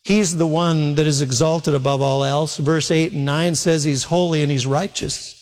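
A man preaching a sermon as pastor, animated, firing off rhetorical questions to his church. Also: a little high, moderate pace, big-room sound.

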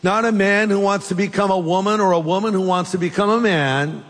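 A man's voice: high voice, fairly quick, fairly bright tone, long reverb tail. A man preaching a sermon as a pastor, playful and joking at times. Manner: playful, jokes and puts on silly accents.

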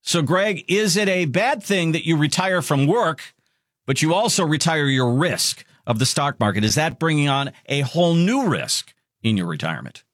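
A man's voice: a little high, big pitch swings, normal speed, a bit bright, dry recording, clean studio sound. A man hosting a retirement finance radio show, upbeat and promotional as he repeats the website. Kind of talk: radio show talk with sponsor plugs.

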